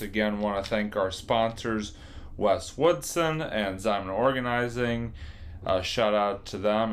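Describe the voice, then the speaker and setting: A man hosting a casual podcast rolls briskly through a relaxed sign-off. His voice sits on the lower side for a man. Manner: brisk, relaxed, routine wrap-up. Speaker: podcast host.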